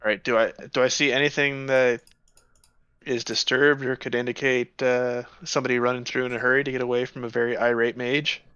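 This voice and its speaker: A man playing a tabletop game, asking about the scene and at times speaking forcefully in character. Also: mid-range voice, flat delivery, a little fast, clear, resonant tone, no room sound, muffled recording. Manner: questioning, bursts into forceful in-character threats. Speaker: player.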